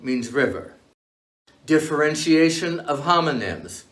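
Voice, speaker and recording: A man reading a scripted language lesson in a measured, clear way, slowing down to lay out example words. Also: fairly high pitch, big pitch swings, a bit bright. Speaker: language teacher.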